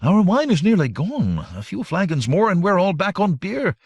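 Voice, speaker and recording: Male reader as anxious officer, urgent, higher and louder, storybook. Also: very animated, normal speed, breathy edge, dry recording, muffled recording, full character voice. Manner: urgent, exclaiming.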